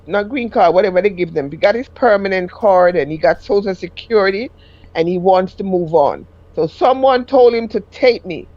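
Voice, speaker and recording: Middle-aged Jamaican woman caller, rambling and lively when she quotes herself, on a dull dry line. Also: mid-range voice, no room sound. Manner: rambling, rises sharply when quoting herself. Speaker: caller sharing a personal story. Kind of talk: casual spoken storytelling.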